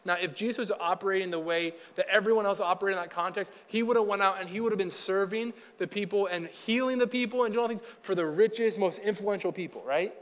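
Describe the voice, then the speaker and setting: Young male pastor with a high voice, chatty delivery, recorded in a reverberant hall. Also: fast, few pauses, fairly bright tone. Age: young adult. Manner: casual, conversational, acts out quoted people. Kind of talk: sermon. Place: church hall. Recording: hall reverb with faint music.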